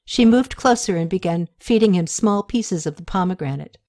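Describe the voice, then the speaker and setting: A woman narrating a story aloud in a steady, even manner, her voice set slightly low. The delivery is measured and consistent from line to line. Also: no echo, studio quality. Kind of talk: audiobook narration.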